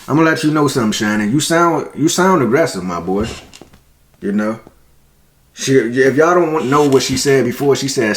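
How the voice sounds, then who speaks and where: A man with a middle-pitched voice riffs through a casual reaction video, slangy and profane, joking and talking straight to the person on screen. A faint hiss of noise sits under his voice. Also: lively intonation, fast talker.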